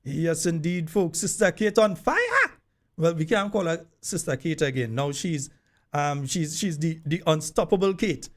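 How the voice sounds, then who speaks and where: A man's voice: a little high, measured pace. A man hosting a live radio talk show, chatty and loose with many fillers. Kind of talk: casual live radio chat.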